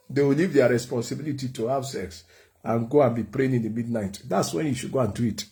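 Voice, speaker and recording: A man's voice: medium pitch, huge pitch swings, normal speed, vocal fry, darkish tone, a little hiss or hum. A Nigerian man preaching a humorous sermon, joking and laughing often. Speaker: prophet and preacher.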